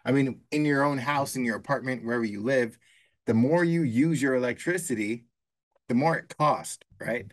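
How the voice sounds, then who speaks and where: A man's voice: mid-range voice, normal speed. A man in his usual middle register, co-hosting a laid-back podcast. He builds his points through long everyday comparisons, keeps the tone loose and conversational, and often circles back with a casual "right?". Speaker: podcast co-host.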